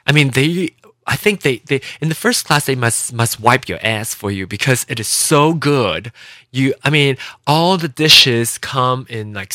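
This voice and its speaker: Man from Taiwan, chatty solo vlogger, lively rambling delivery, bright tone. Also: mid-range voice, no echo, studio quality. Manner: rambling, animated storytelling. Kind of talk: casual monologue. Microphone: home microphone with compressor.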